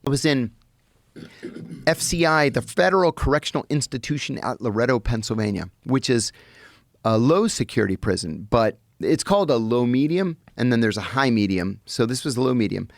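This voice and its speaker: A man from the United States with a gravelly, fry-laden voice recounts events as a podcast guest, slipping into the voices of people he quotes. The sound is dry and close, with no room around it. His pitch sits in an ordinary middle range. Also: moderate pace, no room sound. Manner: animated storytelling, acting out quoted people. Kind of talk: storytelling in a podcast interview.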